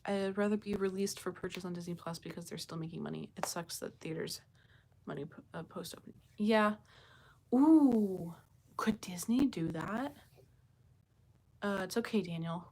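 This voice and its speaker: A woman hosting a casual live chat from home, thinking aloud and reading out viewers' comments, with many fillers and questions to her viewers. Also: on the low side. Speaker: livestream host chatting with viewers. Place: home with pets nearby.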